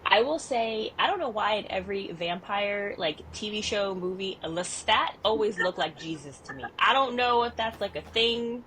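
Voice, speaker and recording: Podcast co-host, woman, 30s, mid-pitched, lively storyteller, laughs a lot. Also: normal speed, few pauses, slight background noise. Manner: animated, expressive storyteller who laughs often. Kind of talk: casual chat.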